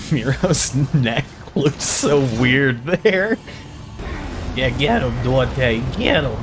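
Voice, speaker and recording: Lively, swearing young-sounding gamer man. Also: medium pitch, very slow, background noise. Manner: excitable, profane, jokey. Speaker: gamer playing a video game. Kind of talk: casual let's-play commentary. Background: game soundtrack and sound effects.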